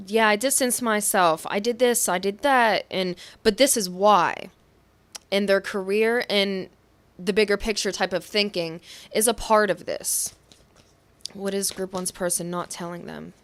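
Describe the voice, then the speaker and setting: A young woman talks through a pick-a-card tarot reading in a gentle, reassuring way. She sounds affectionate and shares what she senses as she goes. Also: medium pitch, clean tone. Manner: intuitive, says what she hears or feels. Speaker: tarot reader.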